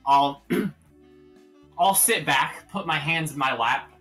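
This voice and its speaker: A man's voice: on the high side, takes it slowly, fairly bright tone, faint music behind. A man playing a tabletop game, playfully describing what his character does. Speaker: player. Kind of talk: casual tabletop game chat.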